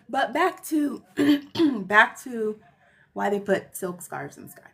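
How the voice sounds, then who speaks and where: A woman hosting a casual livestream monologue, rambling and emphatic, tagging lines with "okay?" and swinging between loud bursts and hushed asides. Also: fairly high pitch, big pitch swings, slow, vocal fry. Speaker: host.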